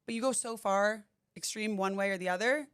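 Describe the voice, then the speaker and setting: An American woman chatting fast and at length as a podcast guest, laughing often. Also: medium pitch, a bit bright, clean tone. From United States. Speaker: guest, independent journalist and commentator. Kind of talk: casual podcast chat.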